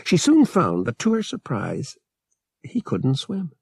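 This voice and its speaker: Gravelly, slow male audiobook narrator. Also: a little high, dry recording, clean studio sound. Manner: measured, expressive storytelling.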